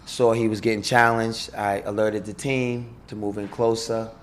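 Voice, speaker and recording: A middle-aged former police officer with a New York accent tells a story in a lowish, level voice. His conversation is halting, full of fillers and restarts.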